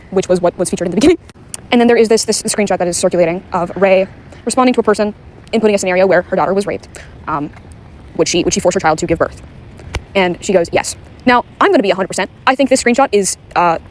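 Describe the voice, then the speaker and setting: A woman's voice: medium pitch, quick pace, slight background noise. A woman giving casual online commentary, talking frankly with lots of fillers and swearing. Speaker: commentary YouTuber.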